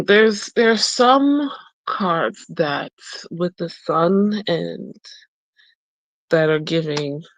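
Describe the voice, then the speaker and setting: Slow, musing woman reviewing cards. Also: lowish voice, dry recording, lo-fi sound. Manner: reads each card's message aloud, then muses on the image with hesitations. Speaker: tarot and oracle deck reviewer. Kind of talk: casual deck walkthrough. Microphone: close mic.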